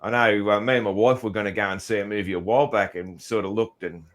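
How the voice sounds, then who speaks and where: A man's voice: fairly low pitch, steady tone, quick pace. A middle-aged man with an Australian accent hosting a podcast, chatting casually in a rambling way with frequent laughs. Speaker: podcast host. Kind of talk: casual interview chat.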